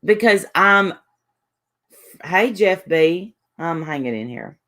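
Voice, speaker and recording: A woman's voice: on the low side, expressive, slow pace, pushed and bright. A woman, chatting casually on a livestream, rambling defensively and reading viewers' messages aloud. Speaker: livestream host.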